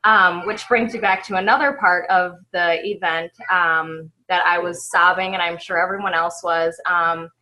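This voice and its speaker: Bright-voiced woman on a video call. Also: fairly low pitch, steady tone, low-quality recording. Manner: emotional, halting, tearful at times, apologizes often. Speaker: event attendee sharing a recap. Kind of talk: casual video call recap. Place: home.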